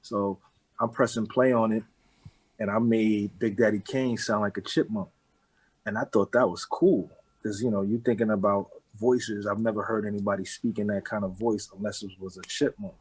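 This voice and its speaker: A man in his thirties with a New York accent, talking casually and rambling a little in a relaxed interview, dropping street slang. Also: on the low side, normal speed, breathy edge, rough recording. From the Bronx, New York. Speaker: rapper, interview guest.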